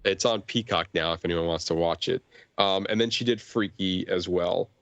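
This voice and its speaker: A man's voice: low voice, moderate pace, a bit bright, clean tone, no room sound, dull audio. A man chatting casually in a movie review podcast, rambling with many fillers and restarts. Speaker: podcast host or guest.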